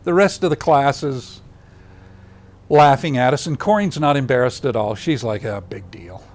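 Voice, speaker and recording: Older man, animated storyteller, soft-spoken at times. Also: medium pitch, moderate pace, a little hiss or hum. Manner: animated storyteller who acts out others' lines; drops to a hushed, soft voice for tender moments. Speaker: interviewee. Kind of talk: personal storytelling.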